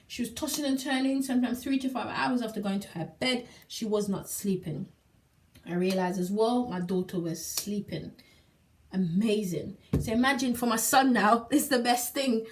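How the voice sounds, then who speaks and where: A woman with a fairly high voice recounts her own experience in a casual testimonial vlog. She talks emphatically, leaning on repeated words and laughing now and then. She sits a little back from the microphone, so the sound is slightly distant. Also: normal speed. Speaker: single mother sharing a product testimonial.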